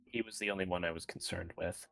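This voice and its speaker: A man with a fairly low voice playing a tabletop role-playing game. He speaks quietly and in a laid-back way. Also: steady tone, fast, creaky, faint music behind. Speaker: player. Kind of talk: casual tabletop role-play.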